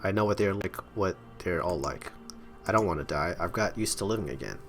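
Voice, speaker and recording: A man's voice: low voice, a little fast, a bit bright, faint music behind. A man hosting a game playthrough, reading the dialogue aloud dramatically and breaking off for wry comments. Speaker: let's play host.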